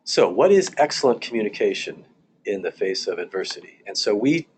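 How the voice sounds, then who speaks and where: Male consultant, lower voice, calm lecturing manner with frequent restarts; faint room hum behind. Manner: calm, repetitive, restarts phrases often. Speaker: consultant teaching church leaders. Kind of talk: recorded seminar lecture.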